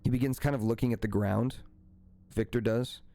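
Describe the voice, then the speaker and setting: A man's voice: medium pitch, steady tone, normal speed, mellow, no echo. A man running a tabletop game as dungeon master, narrating casually with many fillers and self-corrections.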